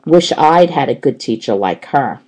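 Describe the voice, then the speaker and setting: A woman reading aloud and voicing a cheerful, booming male school janitor who likes to joke. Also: expressive, moderate pace, warm tone, slightly rough, full character voice. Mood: friendly. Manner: hearty, jokey, booming.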